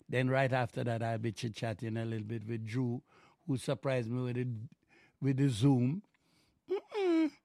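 A man's voice: mid-range voice, no room sound, clean studio sound. A man hosting a community radio show, chatting and teasing callers, slipping into Jamaican phrasing. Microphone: studio mic.

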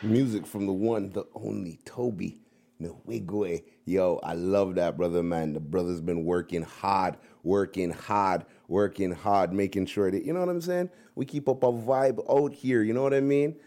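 A man hosting a radio show in casual, slangy chat full of shout-outs. He repeats phrases and slips into Caribbean-style patois. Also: low-pitched, steady tone, a little slow. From Montreal. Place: radio studio.

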